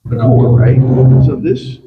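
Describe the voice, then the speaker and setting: A man's voice: mid-range voice, steady tone, slow pace, soft background music. A middle-aged man guiding a boat tour through a flooded mine, telling jokes and stories and often calling the group "guys". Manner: joking storyteller, keeps addressing the group as "guys". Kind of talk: guided tour talk. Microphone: camera of a visitor on the boat, some distance off. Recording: echoey cave, distant, dull, noisy.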